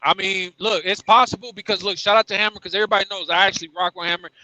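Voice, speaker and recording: A man's voice: high-pitched, steady tone, rapid-fire, pushed and bright, rough recording. A man on a boxing panel, chatting casually and stammering, repeating words as he builds his points.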